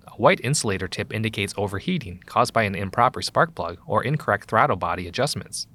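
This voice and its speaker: A man giving calm, even, scripted instructional narration as a voice-over for a vehicle maintenance video. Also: fairly low pitch.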